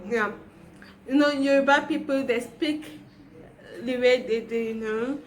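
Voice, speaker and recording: A young woman with a childlike voice, giving an earnest motivational talk in an unhurried way. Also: sits high, steady tone. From Nigeria. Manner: earnest, repeats herself, fillers. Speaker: motivational speaker.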